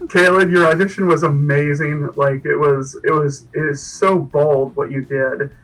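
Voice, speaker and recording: A man's voice: fairly high pitch, fairly even intonation, moderate pace, a bit bright, far from the mic, rough recording. A man hosting a casual livestream, upbeat and rambling, with lots of fillers and restarts. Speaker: livestream host.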